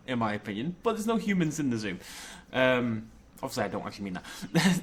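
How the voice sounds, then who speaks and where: A man's voice: medium pitch, expressive, brisk, slight background noise. A young man giving casual, jokey game commentary, rambling and correcting himself as he plays. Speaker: gaming YouTuber.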